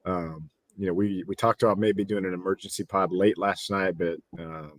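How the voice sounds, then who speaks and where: A man's voice: low-pitched, fairly even intonation, moderate pace, no room sound. Chatty Midwestern man hosting a sports podcast. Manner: loose and chatty, many fillers. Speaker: podcast host. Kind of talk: casual sports podcast chat.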